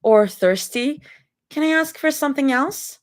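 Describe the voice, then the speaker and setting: A woman's voice: high-pitched, expressive, unhurried, voice pushed up. A woman voicing a playful young woman stuck in a hospital bed, reading a fanfic aloud in a whiny, teasing manner. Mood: pleading.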